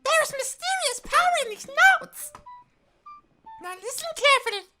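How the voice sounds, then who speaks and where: Game figure: squeaky childlike puppet-monster guardian, shouting every line, very high and lively. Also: female voice, a little slow, faint music behind, heavily acted. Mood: excited. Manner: shrill, excited, shouting.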